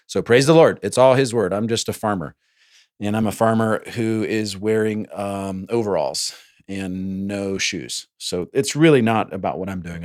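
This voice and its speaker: A man's voice: deep voice, no room sound. Playful man hosting a podcast, dry close sound. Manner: playful, jokey asides. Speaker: podcast host. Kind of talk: solo podcast monologue.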